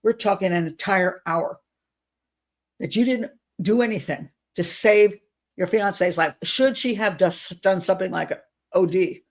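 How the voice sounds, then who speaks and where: Woman profiler host, sarcastic, incredulous commentary, mid-pitched. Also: unhurried.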